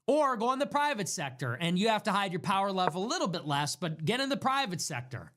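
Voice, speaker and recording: A man's voice: high voice, sing-song, quick pace, fairly bright tone. Emphatic man barking repeated commands. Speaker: online political commentator. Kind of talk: impassioned monologue to viewers.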